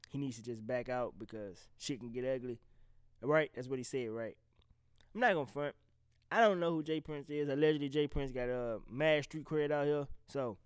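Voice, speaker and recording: A man from the American South, talking bluntly and with a lot of swearing in a casual, unscripted commentary, animated and often breaking off mid-sentence. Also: medium pitch, clear, resonant tone, no echo, studio quality. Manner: blunt, profane, animated, trails off and restarts. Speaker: vlogger reacting to rap beef.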